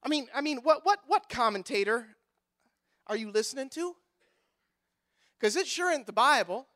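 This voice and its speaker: High, bright-voiced preaching pastor. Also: male voice, expressive, normal speed. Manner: impassioned preaching with repeated refrains. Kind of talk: sermon.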